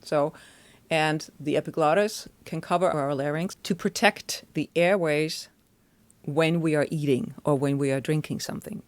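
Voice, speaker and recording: A woman's voice: sits low, moderate pace, no room sound. A woman voice teacher explaining singing technique in a chatty, step-by-step way, often checking in with the listener.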